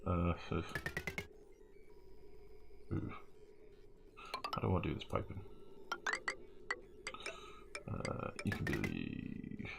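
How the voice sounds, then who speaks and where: A man's voice: sits low, big pitch swings, slow pace, creaky, long pauses, over loud music. A man streaming a game live, rambling and swearing as he builds, often humming and mumbling to himself. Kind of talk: live gameplay commentary.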